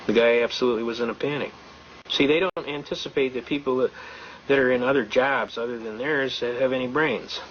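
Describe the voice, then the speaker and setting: A man's voice: mid-range voice, fairly even intonation, a little fast, fairly bright tone. A man giving legal advice through folksy anecdotes, acting out the people in his stories. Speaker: speaker on legal self-defense. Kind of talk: storytelling and advice talk. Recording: muffled clip with faint background hiss.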